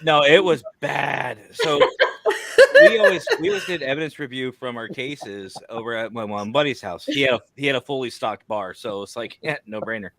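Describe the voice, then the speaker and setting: A man's voice: mid-range voice, normal speed, vocal fry. A man telling a comic paranormal investigation story in a casual chat, laughing along. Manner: animated, laughing anecdotes.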